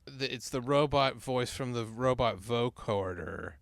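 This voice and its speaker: A man co-hosting a podcast in crude, joking, excitable banter. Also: mid-range voice, a little slow, no echo, studio quality. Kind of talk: casual comedic banter.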